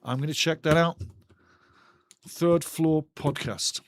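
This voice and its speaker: A man's voice: on the high side, slow pace, no room sound, studio quality. A man hosting a live football watchalong, talking passionately and ranting about refereeing calls in a chatty way. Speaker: watchalong host.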